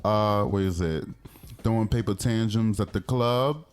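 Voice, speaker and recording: A man's voice: on the low side, a little slow, clean tone. A man co-hosting a casual music review podcast, talking in slang and quoting lyrics. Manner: animated, slangy, quotes lyrics. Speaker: podcast co-host.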